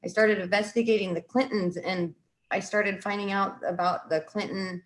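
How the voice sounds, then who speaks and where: A woman's voice: mid-range voice, steady tone, moderate pace. A woman in casual conversation, rambling and self-interrupting as she talks through her views and quotes her own past reactions. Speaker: guest.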